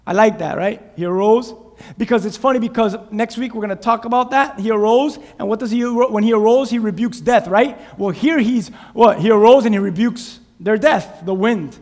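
High-voiced pastor preaching in a hall. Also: male voice, normal speed. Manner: animated preaching, quizzes the congregation. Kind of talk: sermon. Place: church sanctuary. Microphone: clip-on lapel mic. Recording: reverberant church hall.

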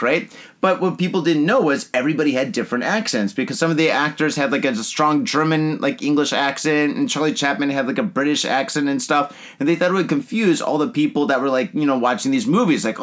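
A man hosting a casual drinking podcast, joking and laughing often as he talks. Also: medium pitch. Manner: laughs often, jokey and excitable. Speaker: podcast host.

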